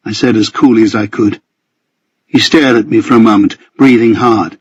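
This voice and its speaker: Husky guy reading a first-person novel, slightly dull dry recording, steady measured telling. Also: lowish voice, no room sound. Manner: measured storytelling, voices characters in dialogue. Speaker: audiobook narrator.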